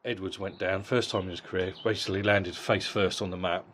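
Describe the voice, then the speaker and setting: Deep-voiced blunt man reviewing a boxing fight. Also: steady tone, brisk, a bit bright, a little hiss or hum. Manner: blunt and profane, with frequent repeated words. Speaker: boxing vlogger.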